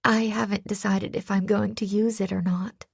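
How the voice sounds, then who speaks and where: A woman voicing a cheerful young female sailor in an audiobook, pitched a little higher than her narration. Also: little pitch movement, moderate pace, gravelly, breathy edge, dry recording, clean studio sound. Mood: hesitant.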